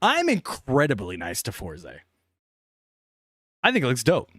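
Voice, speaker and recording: A young man chatting casually on a live stream, excitable and laughing often. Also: medium pitch, unhurried, no room sound, studio quality.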